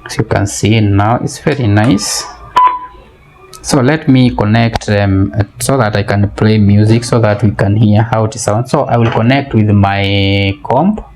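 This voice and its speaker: Hesitant low-voiced man demoing a gadget. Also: a little slow, background noise. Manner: hesitant, repeats words while explaining step by step. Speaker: product reviewer. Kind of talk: casual product demo and review. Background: faint music playing.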